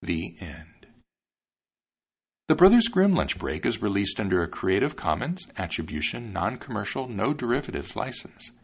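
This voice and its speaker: A man hosting a podcast and reading a fairy tale aloud in an expressive, measured way. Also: fairly low pitch, husky. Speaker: podcast host and narrator.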